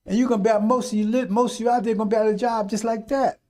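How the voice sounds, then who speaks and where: A radio preacher with a high-sitting, dark-toned voice talks rapid-fire with fairly even intonation. Unscripted on a radio stream, he rambles and scolds in a folksy way, sometimes mocking people in put-on voices.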